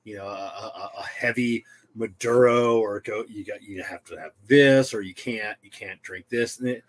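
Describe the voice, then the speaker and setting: A man co-hosting a casual podcast, speaking haltingly with many fillers and restarts. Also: fairly low pitch, steady tone. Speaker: podcast co-host. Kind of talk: casual chat.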